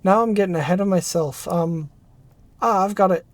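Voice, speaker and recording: A performer reading a narrative game aloud, voicing an excitable former research assistant who rambles and restarts mid-thought. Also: mid-range voice, normal speed, dry recording, close to an everyday voice. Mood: eager. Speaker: game character voice.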